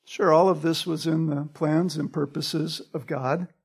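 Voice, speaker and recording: A man's voice: on the high side, fairly even intonation, a little slow, vocal fry, husky. A man preaching a sermon. He quotes scripture by chapter and verse and stresses key phrases by repeating them.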